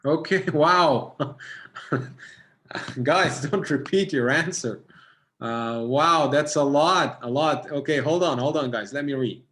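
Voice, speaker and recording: A man's voice: fairly high pitch, measured pace, a bit bright. A man with an Egyptian accent teaching an online test-prep class, encouraging and reading out students' answers. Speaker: SAT tutor.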